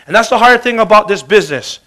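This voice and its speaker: A man giving an energetic, joking motivational sales talk. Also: sits high, fast. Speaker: business presenter.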